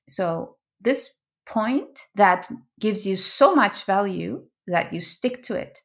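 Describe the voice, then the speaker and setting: A woman guest in an interview explaining her field, often tagging her points with "right?" and correcting herself as she goes. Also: mid-range voice. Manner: laughs easily. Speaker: podcast guest, product expert.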